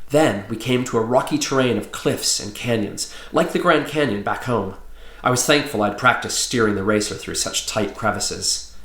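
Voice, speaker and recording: A man, an author, reads his own children's novel aloud in a friendly, lively storytelling manner. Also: mid-range voice. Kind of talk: children's book read-aloud. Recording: roomy echo.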